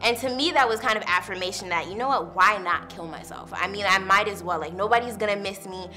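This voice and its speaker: A woman's voice: mid-range voice, fast, bright, forceful tone, soft background music. A young woman, a university student, telling her personal testimony in a candid, casual way, full of "like" and "literally". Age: young adult.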